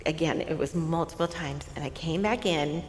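A middle-aged woman co-hosting a faith-based talk, telling a parenting story in a lively way, laughing often and dropping to a soft voice when she quotes someone. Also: low-pitched, fairly quick. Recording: reverberant room with faint hiss.

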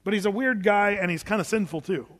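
Brief: man, high-pitched, chatty storytelling sermon, long hall reverb. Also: fast talker. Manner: animated, conversational storytelling with fillers and repeats. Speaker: preacher.

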